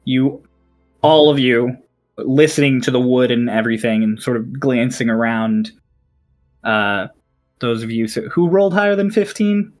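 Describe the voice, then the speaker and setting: A man's voice: mid-range voice, moderate pace, faint music behind. Chatty man running a tabletop game. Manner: relaxed, chatty narration with fillers. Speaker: dungeon master.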